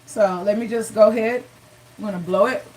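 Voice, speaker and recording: A woman's voice: mid-range voice, brisk, darkish tone, distant mic, a little hiss or hum, rough recording. A woman hosting a live cooking show, chatty and encouraging, talking straight to her viewers.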